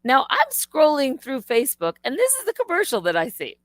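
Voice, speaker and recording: A woman hosting a live stream, talking in a casual, animated way, indignant and swearing freely. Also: high voice, a little fast, no room sound.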